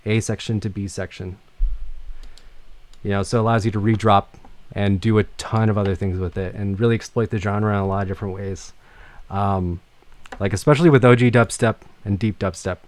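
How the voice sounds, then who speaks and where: A man's voice: on the low side, dry recording. A man teaching music production in a casual livestream lecture, rambling with many fillers and some swearing.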